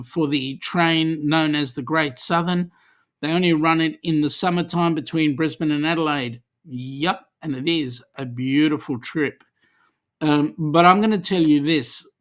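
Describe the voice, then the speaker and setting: A man's voice: a little high, fairly bright tone. Easygoing Australian man reading chat. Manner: chatty and easygoing, with many ums and slang. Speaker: livestream host. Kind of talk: casual livestream chat, reading viewer comments aloud.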